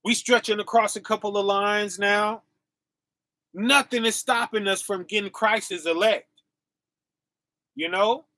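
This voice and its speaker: A man with a high, bright voice preaches slowly in on a casual livestream. He calls out to his viewers with animated energy and laughs often. The sound is dry and close. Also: no room sound.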